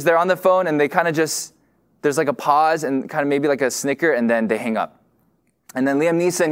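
A man preaching a sermon in a casual way, full of fillers and restarts, who says he tends to talk fast. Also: a little high, clear, resonant tone. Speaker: pastor.

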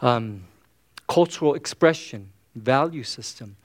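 A man's voice: medium pitch, lively intonation, measured pace. A man preaching a sermon as pastor, casual and joking, with frequent "okay?" asides. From United States.

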